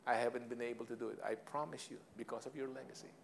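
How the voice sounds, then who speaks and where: A man's voice: medium pitch, steady tone, fast talker, creaky, slight background noise. Theatrical Filipino man telling stories. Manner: theatrical storyteller, chuckles at his own jokes, mixes in Tagalog phrases. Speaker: speaker on leadership. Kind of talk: humorous motivational talk with personal stories.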